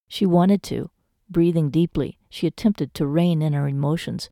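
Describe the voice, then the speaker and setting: A woman narrating a romance novel audiobook in a measured, emotive storytelling manner. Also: low-pitched, creaky, dark tone, no room sound, clean studio sound.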